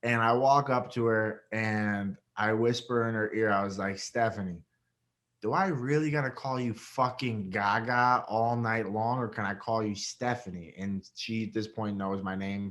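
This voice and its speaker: A young man from Rochester, New York, a guest telling a story in a casual interview, animated and swearing, acting out quotes with big jumps in his voice. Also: lowish voice, moderate pace. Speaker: guest, reality show winner.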